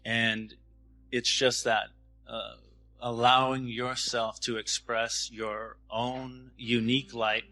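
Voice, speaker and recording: A man in his thirties giving a spiritual talk in a gentle, halting way, often restarting his sentences. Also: medium pitch, level tone, faint music behind, low-quality recording. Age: 30s. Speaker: spiritual speaker.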